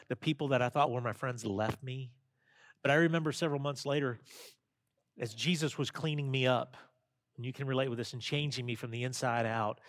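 A man's voice: mid-range voice, no echo, studio quality. A male pastor preaching a sermon in a conversational way, asking his congregation questions and telling stories.

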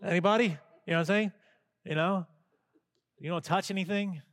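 Animated preaching man, dry close sound. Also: sits high, normal speed, no room sound. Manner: animated, conversational preaching with rhetorical questions to the congregation. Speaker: pastor. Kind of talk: sermon.

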